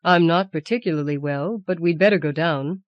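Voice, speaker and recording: A woman's voice: deep voice, normal speed, no echo, muffled recording, close to an everyday voice. A woman reading the lines of a weary, evasive middle-aged husband in an audiobook, hesitant and pleading.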